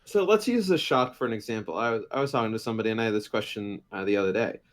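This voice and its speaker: A man co-hosts a casual esports podcast, talking very fast in a lowish, expressive voice. He rambles, filling gaps with lots of "like" and "uh," and his mic sits a bit far from his mouth.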